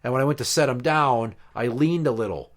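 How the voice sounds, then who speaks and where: A man's voice: mid-range voice, fairly quick. A man co-hosting a podcast, telling a story in casual chat with lots of swearing. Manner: profane, animated storyteller. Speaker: podcast co-host.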